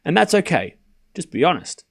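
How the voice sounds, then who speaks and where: A man's voice: fairly high pitch, sing-song, normal speed, creaky, fairly bright tone, husky. A man streaming a live tennis watchalong, mixing casual play-by-play with teasing replies to his chat. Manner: chatty, teasing, talks straight to his chat.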